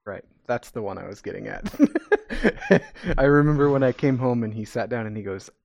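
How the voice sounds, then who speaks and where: A man's voice: mid-range voice, a little fast, vocal fry, a little mellow. A man co-hosting a podcast and talking as a parent in casual chat, laughing often and restarting his sentences as he goes.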